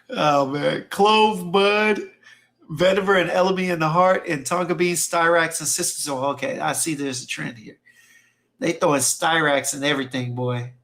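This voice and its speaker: Chill slangy guy on a stream reading comments, voice a bit on the high side. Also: measured pace, a bit bright. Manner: laid-back, slangy, repeats phrases, reads viewer comments aloud. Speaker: fragrance livestream host. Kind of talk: casual livestream chat reading comments. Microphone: streaming mic.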